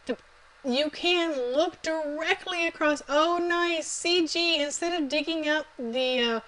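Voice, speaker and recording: High-voiced woman calling a live game. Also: a little slow, crowd noise, low-quality recording. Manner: chatty play-by-play, laughs often. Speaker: tournament commentator.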